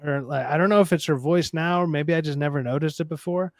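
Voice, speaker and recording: A man with a low, raspy voice in a casual podcast chat, rambling and swearing through a movie review. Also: fast, a little mellow, no echo, studio quality. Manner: profane, rambling, wry.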